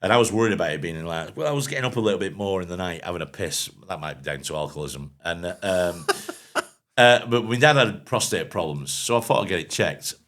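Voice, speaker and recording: A middle-aged man with a low voice, co-hosting a podcast and telling crude, jokey stories with put-on quotes. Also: fast talker, fairly bright tone. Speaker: podcast co-host. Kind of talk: casual pub-style banter.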